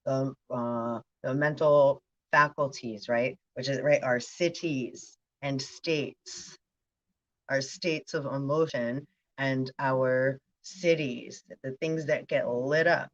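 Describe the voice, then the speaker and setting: Low, slow-talking spiritual woman. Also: fairly even intonation, lo-fi sound. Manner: stream-of-consciousness, repeats "right", laughs often. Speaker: spiritual vlogger. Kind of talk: rambling spiritual monologue.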